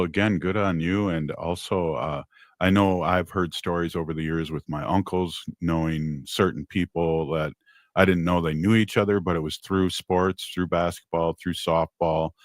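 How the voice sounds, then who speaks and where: A man hosting a radio show, chatting in a relaxed way with short affirming remarks. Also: low-pitched, no echo. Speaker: radio host. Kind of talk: casual radio chat.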